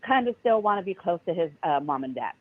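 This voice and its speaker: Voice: mid-range voice, fast. Caller on a tinny phone line. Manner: relaxed, agreeable, lots of filler words. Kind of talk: casual phone call-in chat.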